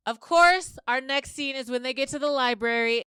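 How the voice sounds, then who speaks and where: Woman, podcast host, casual story recap, chatty, smooth clear voice, dry close sound. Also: sits high, normal speed, bright, forceful tone, no echo. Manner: chatty retelling of a story, slipping into quoted dialogue.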